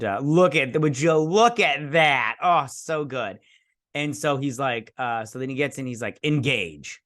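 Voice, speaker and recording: A man hosting a show, excitedly recapping an episode like a gushing fan, with lots of fillers and restarts. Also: medium pitch, smooth. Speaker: host.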